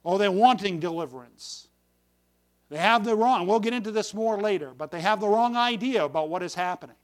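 A man's voice: high voice, a little fast. A man preaching a folksy sermon to his congregation, with sudden emphatic bursts on key words. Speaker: pastor.

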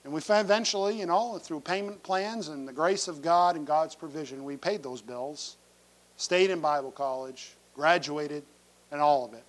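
High-voiced man preaching a folksy sermon. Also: moderate pace. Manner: folksy storytelling with humor; builds to loud, emphatic pleading. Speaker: pastor.

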